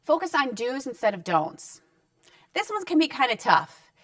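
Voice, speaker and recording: A woman's voice: high-pitched, big pitch swings, normal speed, a bit bright, no room sound, recorded from a distance. A woman counselor giving parenting advice straight to camera in a conversational, reassuring way, sometimes acting out short parent-child exchanges. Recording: dry sound with the mic set back.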